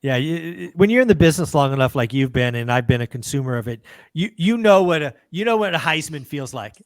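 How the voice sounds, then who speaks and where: Upbeat higher-voiced male host. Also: animated, fast talker, no room sound. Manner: upbeat, emphatic, addresses listeners as folks. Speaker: podcast host. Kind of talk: casual interview chat.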